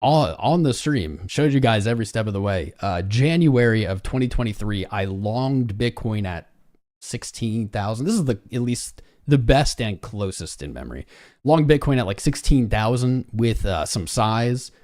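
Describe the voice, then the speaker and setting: A man hosts a live crypto trading stream, reading the charts while chatting casually and greeting viewers by name. His voice is on the low side, animated, a little mellow, at normal speed.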